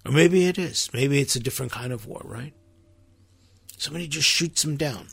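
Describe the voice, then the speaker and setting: A man delivering an impassioned sermon with a gravelly, somewhat husky voice. He presses his points with sharp emphasis. The sound is close and dry. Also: medium pitch, normal speed, dry recording. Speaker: preacher.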